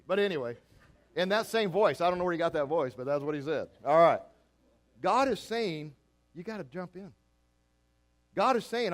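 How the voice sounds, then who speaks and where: Middle-aged man, pastor delivering a folksy sermon, slightly high voice, shifts from quiet asides to emphatic repeated phrases. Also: lively intonation, moderate pace, long pauses. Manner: folksy storytelling preacher, repeats phrases, swings from soft to emphatic.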